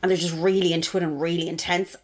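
A woman's voice: lowish voice, little pitch movement, fast talker. A woman co-hosting a podcast, blunt and sweary in casual banter. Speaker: podcast co-host.

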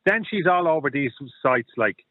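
A man's voice: on the high side, animated, normal speed, dry recording. A middle-aged man, telling blunt stories and opinions as a caller on a radio show. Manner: blunt, storytelling, repeats himself. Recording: tinny phone line.

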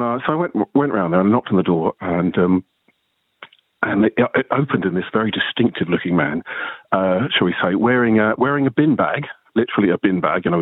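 A man in his sixties calling into a radio show, telling an animated story and acting out the voices of the people in it. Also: sits low, husky, dry recording. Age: 60s. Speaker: caller. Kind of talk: phone-in anecdote. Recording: tinny phone line.

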